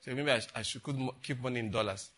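Older pastor, rambly sermon, keeps asking the crowd questions, bright kinda husky voice. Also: male voice, mid-range voice, very fast. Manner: rambling, chatty, asks the audience rhetorical questions. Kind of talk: conversational sermon.

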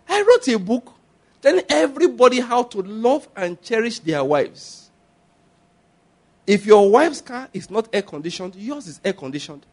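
Animated high-voiced pastor. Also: male voice. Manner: animated, laughing, mimics others in high voices. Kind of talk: sermon.

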